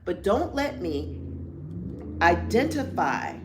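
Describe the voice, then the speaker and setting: A woman's voice: lowish voice, big pitch swings, slow pace, music in the background. A woman in her fifties co-hosting a candid chat show, telling a story with vivid acted-out quotes and blunt, profane language. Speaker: podcast co-host.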